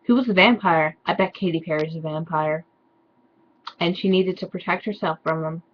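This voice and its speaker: A woman's voice: lowish voice, moderate pace, highs cut off, a little hiss or hum. Sarcastic young woman reading fan fiction. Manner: sarcastic asides, mock-despairing. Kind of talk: comedic dramatic reading.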